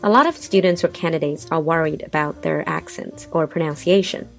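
A woman's voice: deep voice, brisk, faint music behind. A woman hosting, recapping and explaining points for listeners in a talk show style. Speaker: host. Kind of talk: bilingual radio talk.

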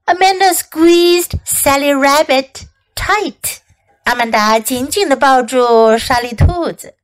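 A woman English teacher reading a picture book aloud in two languages and repeating sentences for practice, slow and expressive. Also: sits high. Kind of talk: bilingual storybook reading and lesson.

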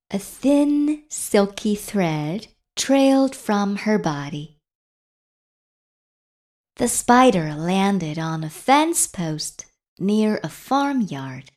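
Woman storyteller for kids, very unhurried, playful picture-book read-aloud. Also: mid-range voice, a little mellow. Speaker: picture-book reader for children.

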